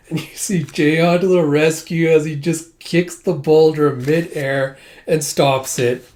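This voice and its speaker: A man's voice: medium pitch, fairly even intonation, unhurried, darkish tone. A man casually recapping a comic volume, talking loosely with lots of "like" and "uh". He reads the characters' lines inline with little change in his voice. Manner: loose and chatty, heavy on "like" and "uh". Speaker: manga reviewer.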